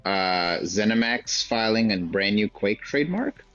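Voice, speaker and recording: Brief: easygoing male co-host, lowish and lively voice, dull lo-fi sound with faint music under it. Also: measured pace. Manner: easygoing, laughs along, swears casually. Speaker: podcast co-host. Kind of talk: casual chat.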